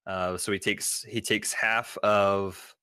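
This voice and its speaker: Bright-voiced man running a tabletop game. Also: lowish voice, takes it slowly, clear, resonant tone, dry recording. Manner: lively, vivid scene narration. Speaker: game master.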